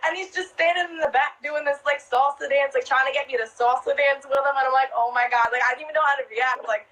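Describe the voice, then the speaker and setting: A woman's voice: sits high, steady tone, fast, a bit bright, low-quality recording. A young woman, a club dancer, telling stories in casual chat, swearing freely, laughing often and packing her talk with fillers. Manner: profane, laughing, lots of "like" fillers. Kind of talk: casual storytelling.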